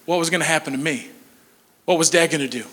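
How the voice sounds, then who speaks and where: Man, 40s, storyteller, bright forceful voice, jokey, reverb of a big hall. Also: fairly high pitch, fast talker, husky. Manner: animated, jokey storytelling with sudden drops to a hush. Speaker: speaker telling a personal story. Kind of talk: storytelling talk to an audience.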